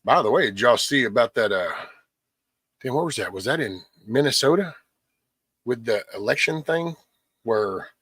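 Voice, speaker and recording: A man's voice: medium pitch, expressive, moderate pace, a bit bright, husky, no room sound, clean studio sound. A man hosting a casual livestream, rambling bluntly with lots of cussing and a preachy edge. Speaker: livestream host.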